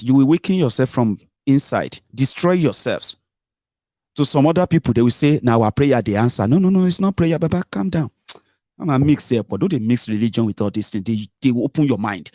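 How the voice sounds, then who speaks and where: A man's voice: mid-range voice, a little mellow, no echo, studio quality. A man with a Nigerian Yoruba accent, hosting a heated political commentary monologue, scolding and mocking his listeners and mixing English, Pidgin and Yoruba. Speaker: political commentator and show host.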